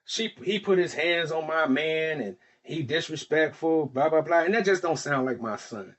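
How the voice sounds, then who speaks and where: A man from Florida hosts a casual podcast, recounting a heated personal story in a slightly high, animated, a bit bright voice at normal speed. He swears freely and voices the dialogue of others in the story.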